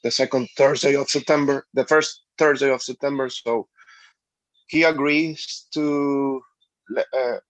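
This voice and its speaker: A man real estate agent giving a halting update on a video call, with many pauses and fillers. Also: medium pitch, steady tone, no room sound. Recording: dry, dull lo-fi call audio.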